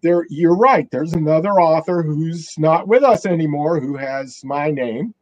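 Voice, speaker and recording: An older man, an author, talking as an interview guest, halting and repeating himself. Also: a little high, darkish tone. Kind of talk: casual interview chat.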